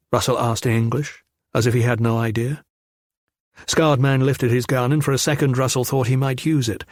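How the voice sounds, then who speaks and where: A man's voice: mid-range voice, dry recording. Dry, close male audiobook narrator. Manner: measured, even storytelling. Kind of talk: scripted narration.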